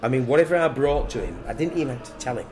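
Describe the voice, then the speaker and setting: A man's voice: mid-range voice, expressive, racing, darkish tone. An older man telling stories in casual podcast chat, crude, profane and joking. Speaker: guest storyteller.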